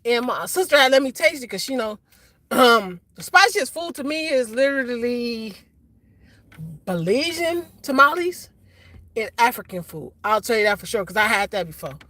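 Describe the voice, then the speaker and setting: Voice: medium pitch, lively intonation, normal speed, bright, forceful tone, no room sound. A livestreamer ranting in a loose, slangy monologue, blunt and rambling with frequent restarts, laughing at their own jokes. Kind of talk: casual rant monologue.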